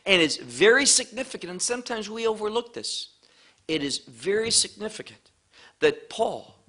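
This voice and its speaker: A man teaching a sermon at a slow, deliberate pace, leaning hard on key words. His voice is bright and a little high, and it swings widely in pitch as he stresses each point. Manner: emphatic, rising and falling for emphasis, slow deliberate phrasing. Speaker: preacher.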